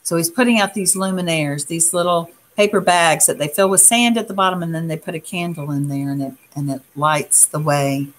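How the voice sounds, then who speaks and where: A woman reading a picture book aloud in a soft, unhurried way, pausing to comment on the pictures. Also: fairly low pitch. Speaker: storyteller.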